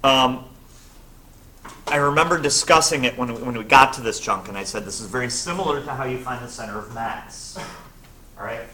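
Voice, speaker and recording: A man's voice: medium pitch, lively intonation, normal speed, bright, forceful tone, distant mic. A male physics teacher lecturing casually through test problems, often checking in with "right?". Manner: conversational, checks in with frequent "right?". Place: classroom. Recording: echoey classroom, recorded from afar, noisy.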